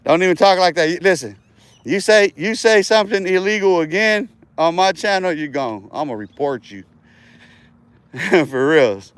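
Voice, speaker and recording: A man running his own livestream in a rambling, profane rant, taunting viewers and laughing often. His speaking voice sits high for a man. The recording is dry and close, with no room echo. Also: animated, moderate pace, clear, resonant tone. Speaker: livestream host.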